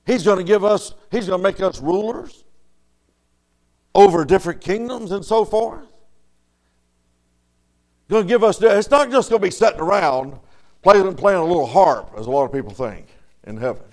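A man preaching a storytelling sermon in a folksy way, dropping to soft murmurs and rising to loud, emphatic lines. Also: high voice, expressive, moderate pace, long pauses.

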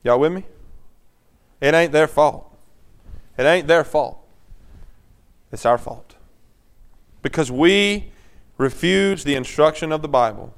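A man's voice: a little high, slow, long pauses. A man preaching a sermon in a conversational way, often checking in with his congregation.

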